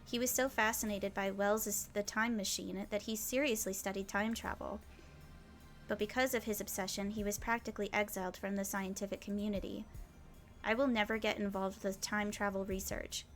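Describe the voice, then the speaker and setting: A woman's voice: medium pitch, flat delivery, moderate pace, faint music behind, close to an everyday voice. Woman reading as a scornful young genius scientist. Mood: bitter. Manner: cutting, dismissive.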